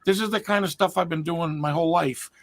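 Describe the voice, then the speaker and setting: A man's voice: on the high side, brisk, crowd noise. A man on a call who talks eagerly about tech and offers to help. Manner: enthusiastic, helpful. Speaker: call-in guest. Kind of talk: casual call-in chat.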